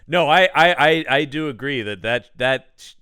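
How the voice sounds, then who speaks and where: A man co-hosting a podcast in casual chat about a movie, animated and jumping into put-on voices when quoting. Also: medium pitch, normal speed, clean tone, dry recording, clean studio sound. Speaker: podcast co-host.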